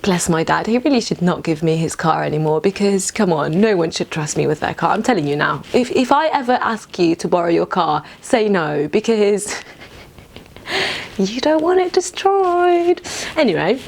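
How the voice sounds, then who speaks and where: Speaking at a moderate pace with vocal fry, a young woman from Palestine sounds animated while hosting her casual vegan cooking video. She's chatty and giggly, telling stories and voicing relatives in a high pitch.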